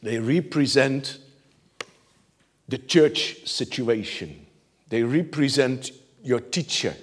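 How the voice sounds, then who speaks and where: A male preacher giving an animated sermon, laughing often and swinging from shouts to near-whispers. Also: medium pitch, slow, breathy edge.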